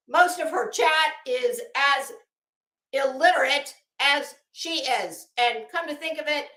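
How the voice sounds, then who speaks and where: High-voiced, unhurried woman livestreamer. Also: a bit bright, echoey room. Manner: chatty, sarcastic, greets chat members. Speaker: livestream host. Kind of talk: casual livestream commentary.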